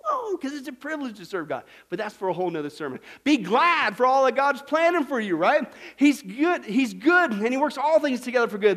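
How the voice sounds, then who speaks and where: A pastor delivering a lively sermon, his voice sitting high for a man. He keeps it humorous and animated, throwing questions at the congregation and acting out small scenes to make his point. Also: a little fast, few pauses.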